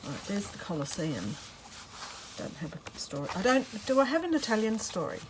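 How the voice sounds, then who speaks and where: A woman's voice: medium pitch, very animated, moderate pace, slight background noise, rough recording. A woman chatting casually as she works on a craft journal, rambling and breaking off with fillers. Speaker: craft vlogger. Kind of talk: casual chat while crafting.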